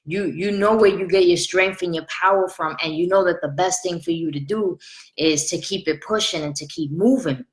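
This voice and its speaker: A woman's voice: lowish voice, moderate pace. Earnest woman in her thirties, echoey room. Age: 30s. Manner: earnest and conversational, repeats phrases for emphasis. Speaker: spiritual life coach. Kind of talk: casual motivational talk.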